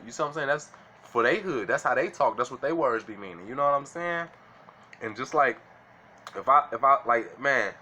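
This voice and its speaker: Casual vlogger, man, slangy and bright, faint noise behind. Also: a little high. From Illinois. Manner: slangy, keeps asking "you know what I'm saying". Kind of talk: casual monologue to camera.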